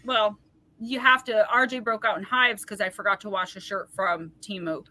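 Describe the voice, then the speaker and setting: Woman, livestream host, oracle card reading, chatty, rambling, bright tone. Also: medium pitch, steady tone, moderate pace. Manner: chatty, rambling, warm-hearted asides to viewers.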